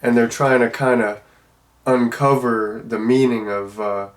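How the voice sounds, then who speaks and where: A man's voice: medium pitch, flat delivery, measured pace. A man giving a casual, loose and rambling spoken review of a film. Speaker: movie reviewer.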